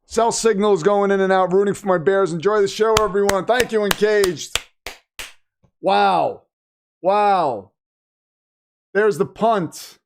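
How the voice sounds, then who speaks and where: A man hosting a live watch party, reacting excitedly to the game and reading viewer comments aloud, his voice getting worn. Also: high-pitched, slow, pauses often, slight background noise. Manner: animated, exclaiming, reads chat aloud. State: losing his voice. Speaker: livestream host.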